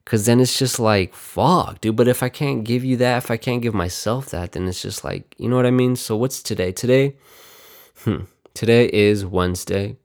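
A man's voice: medium pitch, normal speed, a little mellow. A man hosting his own podcast, talking in a casual, rambling monologue. He swears constantly, mocks himself and calls his listeners dude and bro. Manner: profane, rambling, self-mocking, talks to viewers as "dude" and "bro". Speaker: podcast host.

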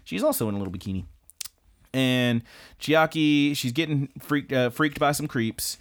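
A man co-hosts a casual podcast, retelling an anime with plenty of swearing and jokes. His voice sits at a middle pitch, and he slips in quick put-on voices for the characters. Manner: profane, jokey, acts out characters' lines in quick voices. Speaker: podcast co-host. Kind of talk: casual anime recap chat.

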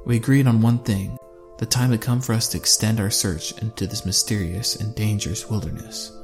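A man narrating a first-person survival story in a steady, measured way. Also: on the low side, faint music behind.

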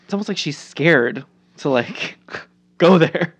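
Woman, podcast co-host, casual political chat, very lively pitch, swears, mimics people. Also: takes it slowly, slightly rough. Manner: animated, swears, acts out quotes in funny voices.

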